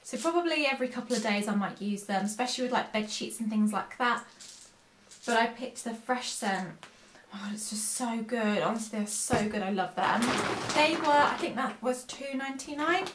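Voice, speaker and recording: A woman's voice: on the high side, animated, fairly quick, echoey room, background noise. A woman, chatting casually and rambling to camera as a haul vlogger, poking fun at herself. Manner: chatty, rambling and self-mocking.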